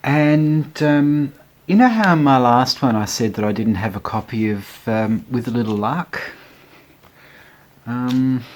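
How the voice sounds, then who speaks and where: A man chatting casually as he shows his record collection, rambling and often chuckling. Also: mid-range voice. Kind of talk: casual chat showing records.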